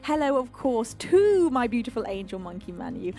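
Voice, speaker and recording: A young British woman hosting a live music stream, greeting viewers by name with effusive, affectionate warmth. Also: fairly high pitch, very animated, normal speed, gravelly. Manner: effusive and affectionate, reading out chat names. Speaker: streamer and singer.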